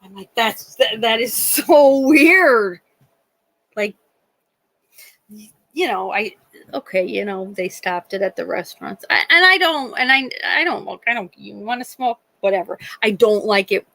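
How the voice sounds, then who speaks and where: A chatty middle-aged woman tells stories from her nursing work in a loose, conversational way. She gets animated and jumps into the voices of the people she quotes. Her pitch sits in a middle range for a woman. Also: moderate pace, creaky, low-quality recording. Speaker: livestream host; nurse. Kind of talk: casual storytelling chat.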